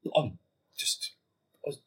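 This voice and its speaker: A man guesting on a podcast tells a story at a measured pace in casual conversation. He's animated, swears freely, and acts out what people said.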